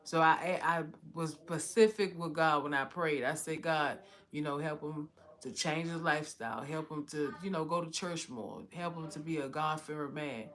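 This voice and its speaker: A woman's voice: low-pitched, normal speed, hardly any pauses, a bit bright. Heartfelt woman telling her story. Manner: heartfelt, repeats "you know" often. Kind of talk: emotional personal testimony.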